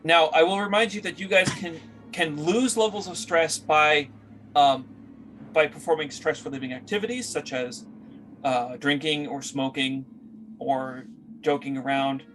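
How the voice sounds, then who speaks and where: A man's voice: fairly high pitch, measured pace, a bit bright, a little hiss or hum. A man narrating as game master for a tabletop game, rambling with many fillers as he searches for words.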